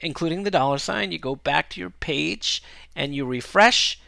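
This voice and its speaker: A man's voice: fairly high pitch, moderate pace, gravelly, pushed and bright, no room sound. A man giving a casual screencast coding lesson, upbeat and chatty, often checking in with "right?" and "okay?". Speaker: programming instructor.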